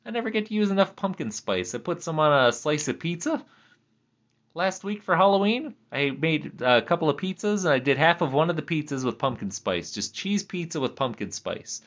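A man chatting casually in a rambling monologue, laughing often and swinging his pitch up for jokes. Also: very animated, a little fast, fairly bright tone, highs cut off. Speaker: vlogger. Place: at home.

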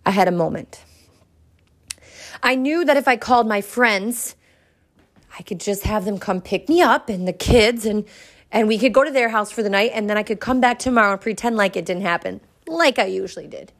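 A woman in her thirties, a podcast host, telling a personal story in an earnest, reflective way with dramatic pauses. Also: medium pitch.

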